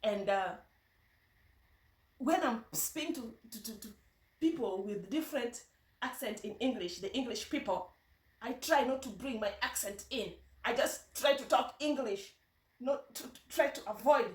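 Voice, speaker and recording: A woman with a Luo accent talks through a casual vlog in a slightly high voice, telling stories in a chatty, halting way. She sits some distance from the microphone in a reverberant room. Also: lively intonation, a little mellow. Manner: chatty storytelling, halting with restarts. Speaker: vlogger.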